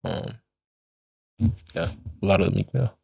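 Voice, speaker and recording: A man's voice: slow pace, a little mellow. An American man, a basketball player joking in a laid-back way during a casual interview. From United States.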